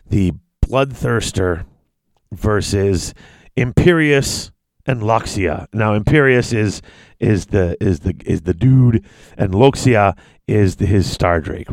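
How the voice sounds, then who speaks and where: A man casually retelling a fantasy battle story, excitable and rambling. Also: gravelly, no room sound. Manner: excitable, rambling, big pitch swings. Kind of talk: casual chat.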